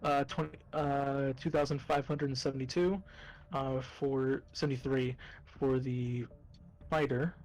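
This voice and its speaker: A man's voice: medium pitch, fairly even intonation, a little slow, darkish tone, poor audio. Grumbling man playing a tabletop game. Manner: casual, grumbling and swearing. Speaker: player. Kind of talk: tabletop game session chat.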